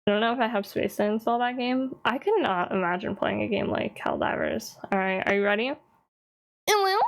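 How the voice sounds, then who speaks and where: A woman's voice: medium pitch, fairly even intonation, fairly quick, creaky. A woman streamer chatting casually on a live stream, teasing and answering her chat with frequent laughs.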